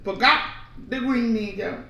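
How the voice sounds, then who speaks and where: A man in casual chat at home, telling slangy, joking stories in an animated way. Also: very high voice, measured pace, gravelly. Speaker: co-host of a family channel. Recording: echoey room, a bit far from the mic.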